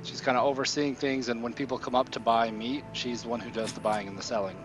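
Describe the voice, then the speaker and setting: A man narrating as game master of a tabletop game, relaxed and pausing with fillers. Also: mid-range voice. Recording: dull lo-fi recording with faint music.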